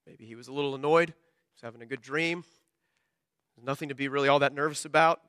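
A man preaching a sermon, impassioned, swinging from loud climbs to quiet drops. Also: fast talker, clear, resonant tone, dry recording, studio quality. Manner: impassioned preaching, rising and dropping sharply in pitch and loudness. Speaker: pastor.

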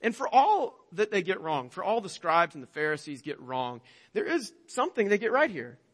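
A man's voice: a little high, sing-song, fairly quick, fairly bright tone, big-room sound. A male pastor preaching a sermon emphatically, with rhetorical questions.

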